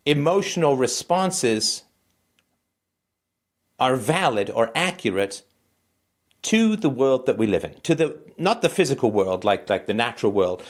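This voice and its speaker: Animated male call-in host. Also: medium pitch. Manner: animated, conversational. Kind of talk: call-in talk.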